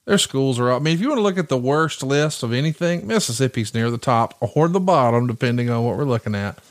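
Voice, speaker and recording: A man's voice: medium pitch, expressive, quick pace. A middle-aged man from Alabama with a Southern accent, co-hosting a casual wrestling podcast, enthusiastic and teasing, with some swearing. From Alabama, USA. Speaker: podcast co-host.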